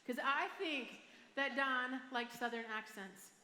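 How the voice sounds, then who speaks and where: A woman's voice: high-pitched, slow, sharp tone. A woman pastor with a Michigan accent, preaching a sermon in a chatty, self-deprecating way and often asking the crowd "right?". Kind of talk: sermon with personal story. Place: large church hall. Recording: echoey church hall with long reverb.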